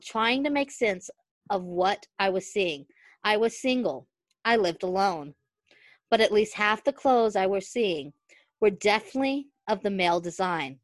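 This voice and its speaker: Woman, dry close sound, dramatic fan fiction reading, expressive storyteller. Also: medium pitch, dry recording. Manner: expressive storytelling with breaks into laughter. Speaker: podcast co-host reading fan fiction aloud.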